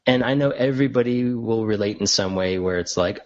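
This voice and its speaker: A man's voice: lowish voice, a little fast. A man co-hosting a podcast, telling a story in casual chat and laughing hard at it. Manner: animated storyteller, laughs hard at his own stories. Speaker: podcast co-host. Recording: dull lo-fi sound.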